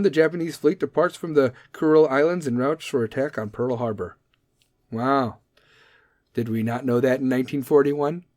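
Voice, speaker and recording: A man's voice: a little high, darkish tone, dry recording, clean studio sound. A man hosting a podcast, reading history dates and riffing on them with profane, sarcastic comedy. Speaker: podcast host. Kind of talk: casual comedic commentary.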